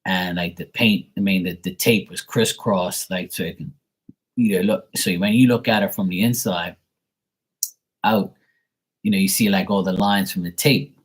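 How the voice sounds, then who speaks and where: A man in his forties with a low, husky voice, chatting loosely to camera. He wanders through a family story, full of filler words and restarts. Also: fairly even intonation, moderate pace. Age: 40s. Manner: rambling, heavy use of filler words. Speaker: tarot reader and channel host. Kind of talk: casual rambling storytelling.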